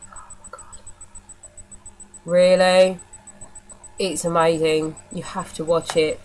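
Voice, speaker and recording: A woman's voice: mid-range voice, low-quality recording. Blunt, swearing woman reviewer. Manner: blunt and mocking, swears freely, rambles. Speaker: horror film reviewer. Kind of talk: casual video review.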